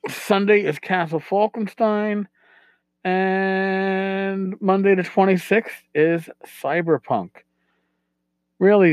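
A man's voice: on the high side, no room sound, highs cut off. A man hosting a solo podcast talks casually while he has a cold, taking his time, restarting often and adding asides. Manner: unhurried, with frequent restarts and asides. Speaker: podcast host.

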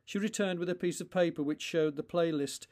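Male author-narrator; deliberate, paused storytelling with a somewhat high voice. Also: darkish tone. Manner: slow, deliberate, with pauses between phrases. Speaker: author reading his own story.

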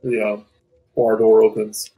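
A man narrating a tabletop game as game master, casual and halting with fillers. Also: on the low side, completely flat delivery, dark tone, husky, poor audio.

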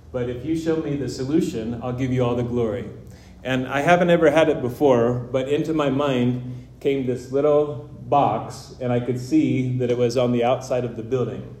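A man preaching a sermon, telling a personal story in a relaxed way with fillers. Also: mid-range voice, roomy sound, a little hiss or hum.

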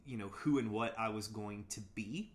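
A man's voice: fairly low pitch, moderate pace. A man speaking as an interview guest, recounting his past in a reflective, casual way, hesitant and full of "like" and "you know", with frequent restarts. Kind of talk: reflective storytelling in casual conversation.

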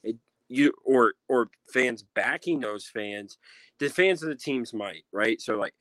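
A man's voice: medium pitch, unhurried, a bit bright, no room sound. A man in casual sports podcast chat, emphatic and repeating phrases for effect. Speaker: podcast guest.

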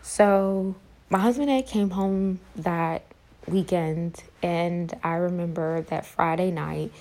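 A young woman telling a personal story to her viewers, halting with many fillers and restarts. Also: fairly low pitch, steady tone, a little mellow, low-quality recording. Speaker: vlogger.

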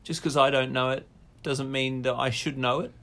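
A man's voice: mid-range voice, little pitch movement, normal speed, fairly bright tone. Male co-host, playful and mock-serious, getting over a cold. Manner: chatty, playful, mock-earnest. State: slight cough from a cold. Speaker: podcast co-host. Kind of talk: casual chat.

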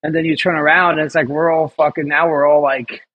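A man's voice: on the high side, level tone, brisk, muffled recording. A man, a chef, chatting casually as an interview guest, rambling and swearing, laughing often. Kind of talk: casual chat.

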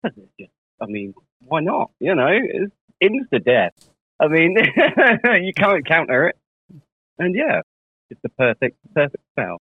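A man's voice: a little high, huge pitch swings, slow, breathy edge, dry recording, phone-quality sound. A British man in casual podcast chat who laughs often and talks easygoing.

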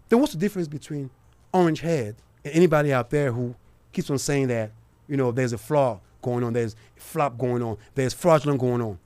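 A man's voice: a little high, a little fast. A man hosting a talk radio show, giving a heated political commentary and calling out to his listeners. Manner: heated and emphatic, addressing listeners directly.

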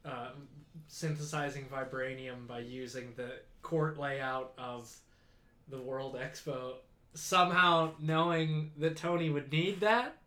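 Bright-voiced man on an echoey podcast. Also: medium pitch, fairly even intonation, takes it slowly. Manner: rambling, exasperated, loud disbelieving outbursts. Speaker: podcast co-host. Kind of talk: casual chat. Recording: echoey room.

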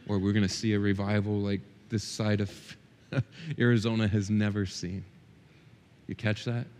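A middle-aged male pastor preaching a sermon in a church, impassioned, swinging between loud peaks and quiet, intimate stretches. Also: on the low side, level tone, normal speed, big-room sound. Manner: impassioned, rising and dropping sharply for emphasis. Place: church hall.

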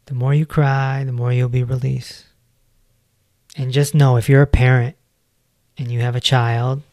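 A man in his forties gives a reflective self-help talk as a podcast host, speaking in a gentle, earnest way. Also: medium pitch, dry recording, studio quality. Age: 40s.

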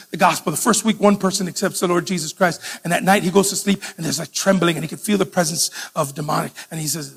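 A male preacher telling stories in an animated sermon, stumbling and restarting often. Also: high-pitched, gravelly, slightly rough. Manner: animated storytelling with many restarts. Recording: long hall reverb.

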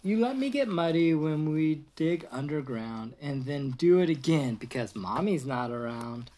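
A father reading a picture book aloud to his toddler in a gentle storybook voice, with a short cheerful hello to his viewers. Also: fairly high pitch, very animated, unhurried, a little hiss or hum.

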